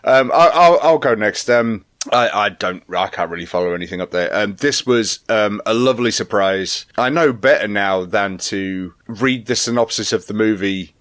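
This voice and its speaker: A man's voice: on the low side, normal speed, few pauses, fairly bright tone, no echo, clean studio sound. A man hosting a casual film podcast, talking with lots of restarts and hesitations. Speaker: podcast host. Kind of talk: casual film review chat.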